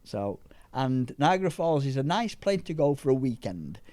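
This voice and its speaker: Middle-aged guy rambling through gym and travel stories, normal pitch, lots of restarts. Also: moderate pace. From England. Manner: rambling, animated anecdotes with restarts. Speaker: powerlifter guest. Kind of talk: casual storytelling chat.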